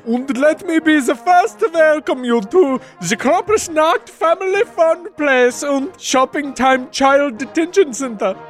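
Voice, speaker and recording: A pompous Austrian Krampus-park host, with a thick put-on German accent. He talks in a high, swooping, unhurried showman's sing-song. Faint music plays behind him. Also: animated. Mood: welcoming. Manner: hammy showman, sing-song sales pitch.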